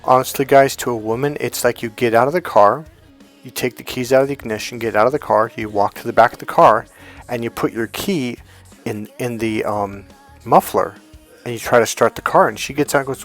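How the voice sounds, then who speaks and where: A man's voice: mid-range voice, a little fast, soft background music. A middle-aged man coaching men on dating, talking bluntly with plenty of swearing and acting out the voices of the people he quotes. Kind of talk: direct-to-camera coaching talk.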